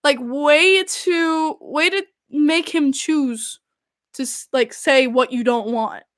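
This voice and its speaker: A woman's voice: sits high, takes it slowly, no echo, studio quality. A young woman, hosting a podcast and retelling events in a casual, exasperated way with lots of "like". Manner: animated, exasperated storytelling full of "like". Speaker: podcast host. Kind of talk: casual recounting.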